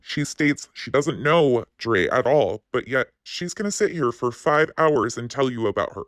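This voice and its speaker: A man gives a commentary voice-over for his channel, recorded close and dry with no room sound. He speaks at a middle pitch and asks pointed, sharp questions. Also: expressive, moderate pace, no echo.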